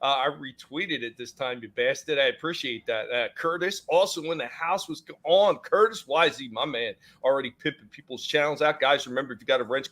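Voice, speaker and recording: As host of a laid-back live stream, this man speaks in a mid-range voice with a fairly bright tone. He jokes around, rambles, swears, and greets people in the chat by name.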